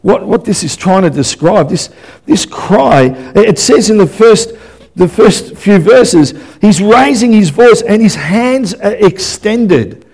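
Gravelly high-voiced impassioned preacher man. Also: expressive, takes it slowly. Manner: impassioned, swinging between loud and hushed; repeats and restarts words. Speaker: pastor. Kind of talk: sermon.

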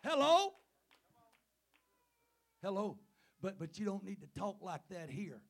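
High-pitched, gravelly man preaching a sermon. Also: normal speed. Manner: calls out "Amen?" and "Hello?" to the congregation; swings between loud fervent peaks and quiet low asides. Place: church sanctuary.

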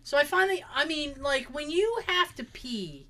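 A woman with a high, lively voice tells a story in casual chat. Her tone is bright and forceful, and she acts out every quoted line. She laughs a lot as she goes. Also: moderate pace. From Belgium.

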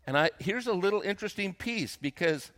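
Older male pastor, lively preaching voice. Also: high voice. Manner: reads scripture slowly, then comments conversationally with dramatized quotes. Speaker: retired senior pastor. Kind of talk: sermon.

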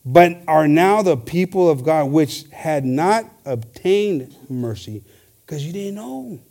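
Male pastor, bilingual sermon, slightly high voice, very lively delivery with shouted peaks. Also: slow, gravelly. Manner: animated, shifts between Spanish and English, shouts for emphasis.

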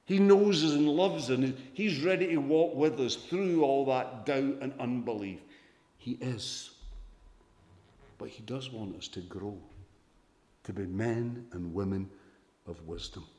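A pastor preaching a sermon, earnest, swelling for emphasis and dropping soft. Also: male voice, mid-range voice, expressive, slow, long pauses. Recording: echoey hall reverb.

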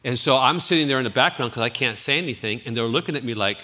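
A man who is a youth pastor, telling a story in a sermon, animated and rambling, with restarts and laughs. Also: mid-range voice, fast, long reverb tail.

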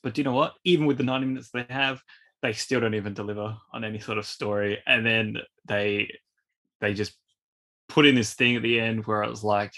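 Bright-voiced rambling man. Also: fairly low pitch, a little fast. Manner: rambling, animated, repeats words. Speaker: podcast co-host. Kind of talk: casual film review chat.

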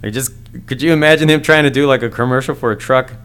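A man's voice: medium pitch, quick pace, a bit bright, smooth. A man hosting a solo podcast, ranting crudely and rambling with frequent stammered restarts. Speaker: podcast host. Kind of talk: solo comedic podcast rant.

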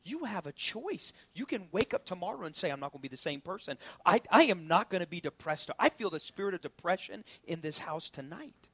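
A man preaching a sermon as pastor, swinging from loud preaching to hushed whispers. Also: high-pitched, very animated, fairly quick, hardly any pauses, breathy edge.

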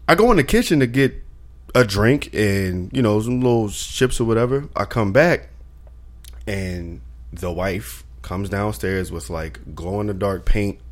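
A young man telling a story in casual chat, acting out the people in it with shifting voices. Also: fairly low pitch.

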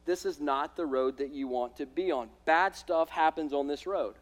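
A man's voice: fairly high pitch, normal speed. A male pastor preaching a sermon to a congregation in a church. He talks emphatically, repeats words, and checks in with "listen" and "right?".

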